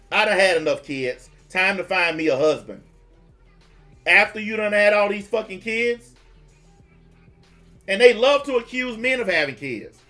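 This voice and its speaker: A man's voice: high voice, sharp tone. A man, ranting bluntly and mockingly as a livestream host taking calls. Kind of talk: profane livestream rant.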